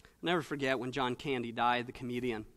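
A male pastor preaching a sermon in church, moving between soft, low asides and loud, rising exhortation with repeated emphatic phrases. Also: steady tone, fast talker. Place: church sanctuary.

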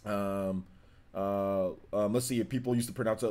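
A man's voice: fairly low pitch, fairly even intonation, normal speed, a little mellow. A young man hosting a gaming livestream, chatting casually, reading viewer comments and news aloud with many fillers.

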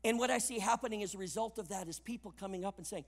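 A man preaching a sermon at a conference, emphatic, swinging between loud punches and quiet asides. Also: sits high, rapid-fire, few pauses, big-room sound. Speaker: conference speaker. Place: conference hall.

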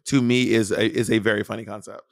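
A man's voice: fairly low pitch, steady tone, vocal fry, dry recording, studio quality. A man co-hosting a casual review podcast over a video call, teasing and restarting his sentences often. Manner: playful, teasing, halting with many restarts. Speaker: podcast co-host.

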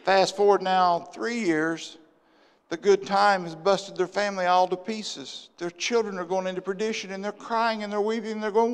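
A man, a pastor preaching a sermon with passion, swinging from loud bursts to hushed asides, in a church sanctuary. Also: sits high, moderate pace. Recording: long church hall reverb.

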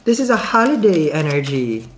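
A woman with a foreign accent talks straight to camera through a tarot reading. She is chatty and giggly and thinks out loud, restarting her sentences often. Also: low voice, very animated, moderate pace, a little hiss or hum. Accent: non-native English accent. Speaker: tarot reader.

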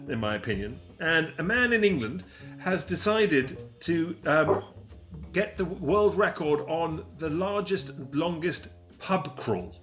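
A man's voice: a little high, lively intonation, normal speed, a bit bright, soft background music. A man co-hosting a casual show, chatting and rambling with fillers. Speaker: podcast co-host. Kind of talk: casual chat.

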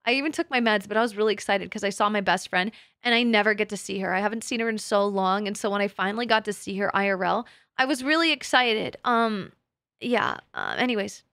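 A woman streaming a game, chatting with her audience in a giggly, excitable way full of crude jokes. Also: medium pitch, fast talker, dry recording, clean studio sound. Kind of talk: casual live-stream chat.

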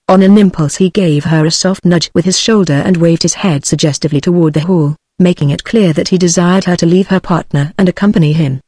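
A text-to-speech woman's voice with a British English accent, reading a story aloud as an audiobook narrator in an even, measured way. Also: fairly low pitch, husky, no echo, studio quality.

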